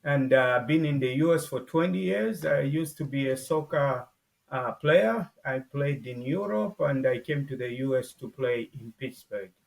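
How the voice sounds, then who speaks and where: A man from Zambia, a former soccer player and podcast guest, speaking politely and haltingly with many fillers. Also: mid-range voice, creaky, distant mic. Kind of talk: casual interview chat.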